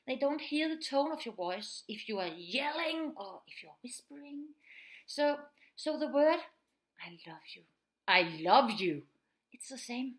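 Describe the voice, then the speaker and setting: Woman speaker, teacher, fairly high voice, earnest, explains plainly. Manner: earnest, explaining plainly, often acts out quoted speech. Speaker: teacher of pupils with autism. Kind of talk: spoken presentation.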